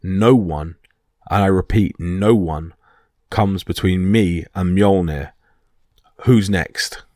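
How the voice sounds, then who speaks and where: A man's voice: low-pitched, slow, a little mellow, dry recording, studio quality. A man voicing a hot-tempered male thunder god who bellows and blusters. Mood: angry.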